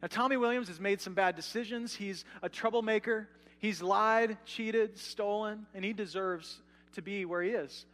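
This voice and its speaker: A man preaching a sermon as pastor, in a conversational, animated way with asides to the congregation. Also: high-pitched, moderate pace, in a large hall.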